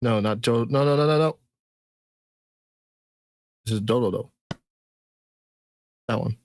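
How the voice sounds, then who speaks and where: A man's voice: mid-range voice, slow, darkish tone, slight background noise. A man co-hosting a podcast in casual chat, laid-back and teasing, swearing freely. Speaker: podcast co-host.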